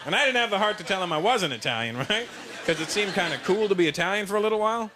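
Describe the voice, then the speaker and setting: A man doing stand-up comedy, animated and loud as he acts out characters. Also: sits high, quick pace, noisy background. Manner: animated, loud, mimicking voices. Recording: live show with loud crowd.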